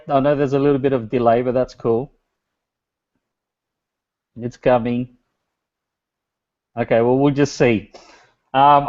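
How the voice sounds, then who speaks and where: Man, thirties, chatty webinar presenter, dull lo-fi call audio. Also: on the high side. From Australia. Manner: chatty, loose, talks to an online chat. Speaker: guest speaker, business strategist.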